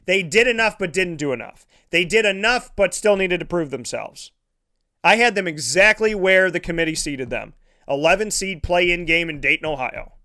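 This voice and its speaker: A man's voice: high-pitched, bright, forceful tone. A man broadcasting a live sports talk show, ranting with heated sarcasm and lots of repetition.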